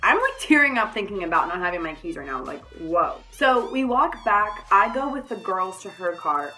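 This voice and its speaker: A young adult woman telling a story in a casual vlog, animated and swearing freely. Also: medium pitch. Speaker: vlogger.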